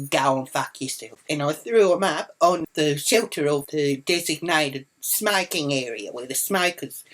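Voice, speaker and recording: A woman's voice: sits low, poor audio. Brash, swearing Australian woman ranting. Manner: brash, swearing, indignant, acting out quotes. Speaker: vlogger. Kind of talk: ranting storytime monologue.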